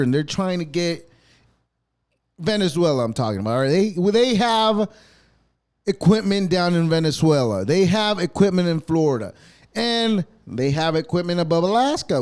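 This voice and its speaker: A man's voice: high voice, darkish tone. A man hosting a podcast, delivering a rambling, sarcastic rant full of swearing. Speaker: podcast host. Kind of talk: profane ranting monologue.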